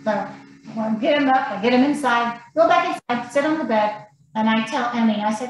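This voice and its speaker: Podcast guest, woman, chatty storyteller, higher voice, heavy room echo. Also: brisk. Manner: animated, rambling, laughs between lines. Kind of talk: casual storytelling. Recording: very echoey room, faint noise.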